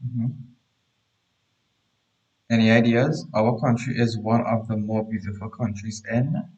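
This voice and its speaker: A man's voice: on the low side, steady tone, darkish tone, poor audio. Male teacher. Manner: reads each line aloud and repeats it slowly. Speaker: primary school teacher. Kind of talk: live online grammar lesson.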